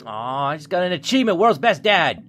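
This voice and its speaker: A man's voice: on the high side, sing-song, fairly quick, a bit bright. A man playing a video game on video, reading its narration aloud and joking between lines. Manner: jokey, emotional, reads aloud. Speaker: gaming YouTuber. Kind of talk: let's play commentary and narration. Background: faint game music.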